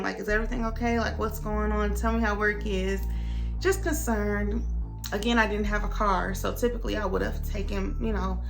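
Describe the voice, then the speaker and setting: A young woman vlogger casually recounting a workplace story, acting out each line she quotes with lots of expression. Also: medium pitch. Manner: animated, dramatic retelling with voiced quotes.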